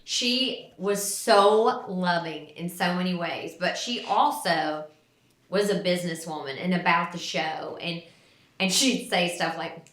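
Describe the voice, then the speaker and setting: A woman's voice: lowish voice, unhurried, a bit bright, reverberant. A woman co-hosting a podcast, chatting in a rambling, self-deprecating way. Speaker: podcast co-host. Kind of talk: casual chat.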